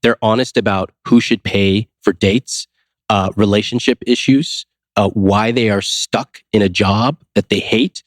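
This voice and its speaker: A finance author from the United States tells stories as a guest in a casual podcast interview, acting out quoted dialogue and repeatedly asking rhetorical questions. His voice is lowish and fairly even, a little slow, with a dry, clean studio sound.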